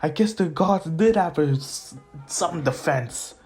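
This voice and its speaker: A man voicing a menacing demon who gloats slowly in a low voice. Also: expressive, darkish tone, faint music behind. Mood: gloating. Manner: slow, mocking, low.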